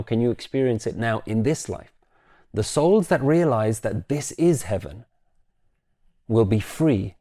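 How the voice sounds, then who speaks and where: A man giving a reflective spiritual talk, gently asking questions and leading the listener through guided imagery. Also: medium pitch. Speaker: spiritual teacher.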